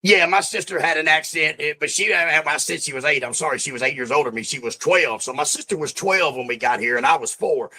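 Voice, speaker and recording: Fast and sharp-toned, this interview guest's fairly high voice barely pauses as he rambles, repeats himself, and drops "bro" and "man." He's in his fifties, Australian-born and raised in the American South, and the recording is rough.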